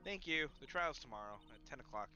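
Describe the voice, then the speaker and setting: A man's voice: medium pitch, animated, fast talker, bright, forceful tone, reverberant, soft background music. A man casually reading game dialogue aloud alongside a friend.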